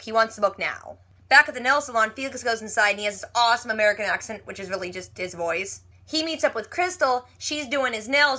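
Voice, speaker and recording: A woman giving a casual TV episode recap, chatty and retelling scenes with quick quoted lines. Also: medium pitch, bright, forceful tone. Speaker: TV recap vlogger.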